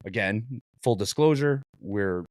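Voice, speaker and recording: A man co-hosting a podcast, telling animated anecdotes with swearing and laughter. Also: on the low side, measured pace, no echo, studio quality. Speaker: podcast co-host. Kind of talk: casual podcast chat and storytelling.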